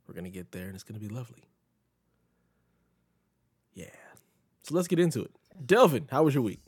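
A man's voice: mid-range voice, very animated, brisk, husky, no room sound, studio quality. A man hosting a podcast in a laid-back, teasing casual chat. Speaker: podcast host.

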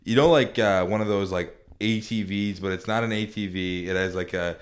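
A man tells a story on a podcast in a deep, smooth voice. He rambles and restarts his sentences, filling gaps with ums and likes. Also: steady tone, normal speed. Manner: rambling, full of fillers and restarts. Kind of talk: casual storytelling.

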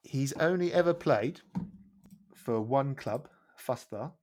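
A man guesting on a podcast in casual chat, measured, often repeating words as he restarts. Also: medium pitch, animated, a little mellow.

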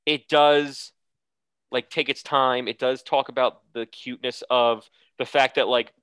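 A man's voice: medium pitch, steady tone, unhurried, fairly bright tone, clear, resonant tone, dry recording. A man co-hosting a casual podcast, recapping a cartoon episode and breaking into silly character voices. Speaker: podcast co-host.

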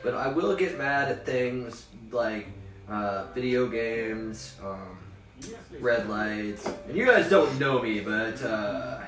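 A man's voice: medium pitch, animated, slow pace, fairly bright tone, far from the mic, a little hiss or hum. Rambling, cursing man in an echoey room. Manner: profane, rambling, laughs easily. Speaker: podcast co-host. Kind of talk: casual drunk podcast chat.

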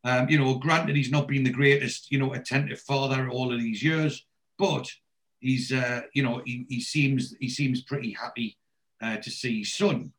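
Middle-aged Geordie podcast co-host, sweary, rambling, casual. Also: male voice, medium pitch, fairly even intonation, normal speed, a bit bright. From west end of Newcastle. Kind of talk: casual chat, retelling a TV scene.

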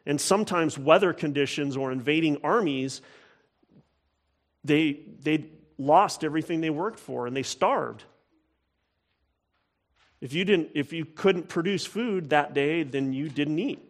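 Earnest man preaching, slightly high voice. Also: a little slow, pauses often. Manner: earnest, emphatic preaching with repetition. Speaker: pastor. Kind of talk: sermon.

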